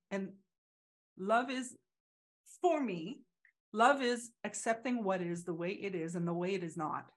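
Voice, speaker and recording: In a relaxed, thoughtful conversation, a medium-pitched woman speaks haltingly with many restarts. When she quotes others, she acts out their voices.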